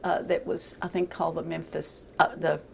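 An older woman speaks in a gravelly, creaky voice, recounting events haltingly with repeated words. She is being interviewed for the news. A faint hiss of noise sits underneath her. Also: low voice, flat delivery, rough recording.

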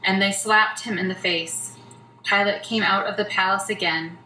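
Woman scripture narrator, bright tone, lower pitch, far mic in a roomy church. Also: fairly even intonation, moderate pace. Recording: roomy church from a distance, faint noise.

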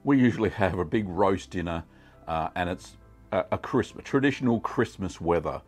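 A middle-aged Australian man hosting a casual cooking vlog, chatty and relaxed with many ums. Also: low-pitched, moderate pace, husky, soft background music. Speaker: cheesemaking channel host.

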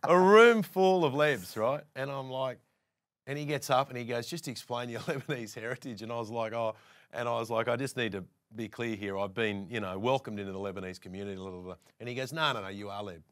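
A man's voice: mid-range voice, fast talker. An Australian man, a presenter appearing as a guest, telling casual anecdotes and acting out other people's lines as he goes. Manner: lively storyteller who acts out other people's lines.

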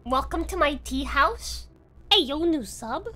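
A woman's voice: high voice, sing-song, slow pace, pauses often, sharp tone, a little hiss or hum. A young woman with a British accent chatting playfully with her viewers on a live stream, often laughing. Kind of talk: casual live-stream chat.

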